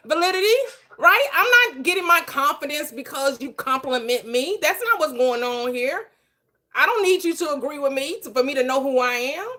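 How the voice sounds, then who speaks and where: A woman hosting a live call-in chat, talking in a forceful, emphatic and confrontational way. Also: high-pitched, animated, a little fast. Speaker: host.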